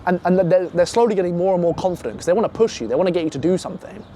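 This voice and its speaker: A young man casually telling a profane, animated story and acting out the other voices in it. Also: high voice, very fast, slight background noise.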